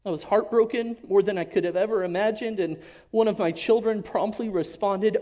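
High-voiced man giving an earnest church testimony. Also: steady tone. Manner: earnest, halting, often drops to a hush. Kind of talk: emotional personal testimony. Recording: dull lo-fi recording.

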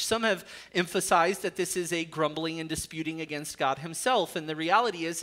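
Male pastor, earnest sermon delivery with dry humor, high bright voice. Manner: earnest preaching with dry jokes.

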